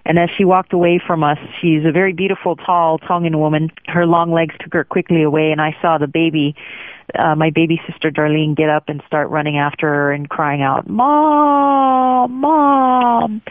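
A woman's voice: deep voice, a little fast, no room sound. Woman telling her story over the phone. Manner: candid and animated, acts out quotes. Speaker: guest sharing her testimony. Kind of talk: personal storytelling on a phone interview. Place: Hawaii. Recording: tinny phone line.

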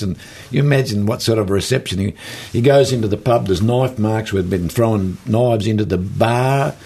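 A man with an Australian accent, a guest author telling folksy stories in an animated way during an interview. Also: fairly low pitch. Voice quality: gravelly, husky. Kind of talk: storytelling interview talk.

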